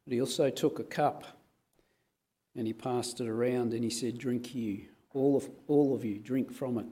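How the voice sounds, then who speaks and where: A man preaching in an earnest, measured way as a pastor. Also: medium pitch, fairly even intonation, mellow, slightly rough. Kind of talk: sermon.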